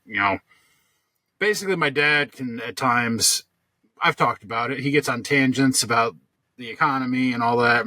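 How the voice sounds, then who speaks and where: Bright-voiced rambling podcast man. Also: medium pitch, no room sound. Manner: rambling, many fillers and restarts. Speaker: podcast co-host. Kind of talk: casual storytelling chat.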